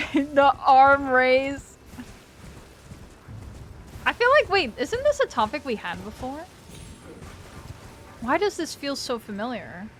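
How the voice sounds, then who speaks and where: A woman with a high voice chats unhurriedly with her viewers while she plays a game live. She is blunt and swears freely. She laughs often and speaks straight to her chat. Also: very animated, takes it slowly, long pauses, a bit bright, slight background noise. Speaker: game streamer. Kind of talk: casual live-stream chat while gaming.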